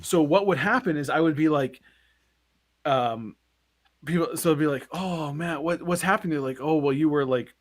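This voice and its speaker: 40s guy cohost, bit high voice, dry mic, tells stories big and loud, does all the voices. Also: normal speed, long pauses, no echo. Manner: animated, acts out quoted voices, swears. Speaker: podcast co-host. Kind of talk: casual storytelling chat.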